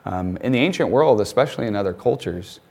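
A man teaching a Bible lesson, reading passages aloud and acting out quoted lines with animated voices. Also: fairly low pitch, fast, vocal fry, breathy edge.

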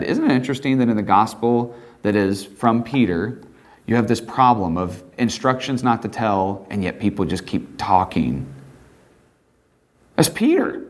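Male preacher, lowish voice, conversational sermon delivery, animated storytelling. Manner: animated, voices Peter in a high excited tone with laughs.

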